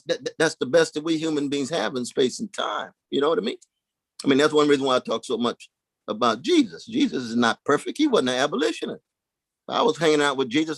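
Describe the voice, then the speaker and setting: A man giving an impassioned public talk, preacherly and rhythmic, mixing dramatic swells with folksy conversational asides. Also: dry recording. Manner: preacherly, rhythmic, with dramatic swings in pitch and volume. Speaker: guest speaker.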